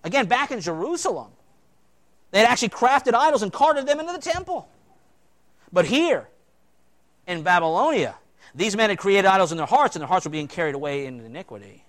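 Man preaching with animated dramatic swings. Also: high voice, a little fast, pauses often. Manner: animated preaching, dramatic swings between loud emphasis and quiet asides. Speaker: pastor. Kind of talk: sermon.

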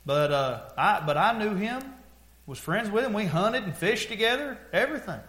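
A preacher delivers a sermon in a folksy, storytelling way, dropping low and quiet, then rising to loud exhortation. His voice sits a little high for a man. The room around him rings with echo. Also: animated, moderate pace.

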